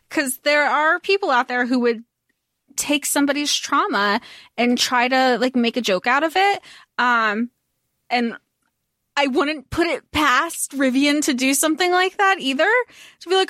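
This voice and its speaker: A woman with a high voice chats on a book podcast. She raises question after question about the plot and laughs between her points. The recording is dry and close. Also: lively intonation, moderate pace, fairly bright tone, dry recording. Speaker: podcast co-host. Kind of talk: casual book-discussion chat.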